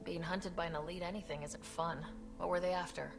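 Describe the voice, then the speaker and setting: An actress voicing a confident female human explorer in a video game, steady and dry. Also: on the low side, brisk, creaky, over music. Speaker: game character.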